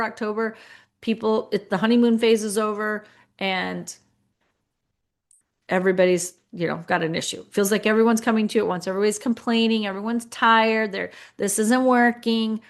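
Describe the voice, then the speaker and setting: A woman's voice: medium pitch, fairly even intonation, normal speed. A middle-aged woman coaching school leaders in a casual, conversational way, sometimes acting out the inner voices she describes. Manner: conversational, acts out inner voices, lots of fillers.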